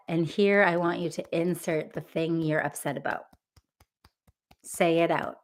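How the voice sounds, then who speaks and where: A woman coach guiding a live tapping session, her voice sitting a little low and her pace unhurried. She talks gently and encouragingly, repeating affirmations for others to follow. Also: fairly even intonation.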